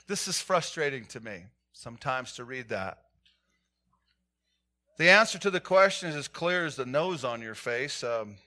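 Bright-voiced preacher swinging from loud to hushed. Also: male voice, on the high side, expressive, normal speed. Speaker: pastor. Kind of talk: sermon. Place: church.

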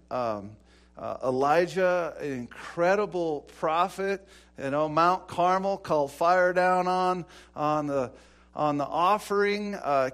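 Man, preacher, informal sermon, animated storytelling, fillers and restarts, slightly high pitch.

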